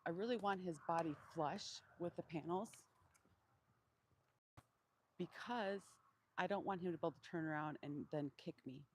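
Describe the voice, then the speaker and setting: Calm, low-voiced woman training donkeys. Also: slightly rough, low-quality recording. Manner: calm, low-key, deliberately monotone. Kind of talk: live training demonstration. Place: outdoor pen with donkeys.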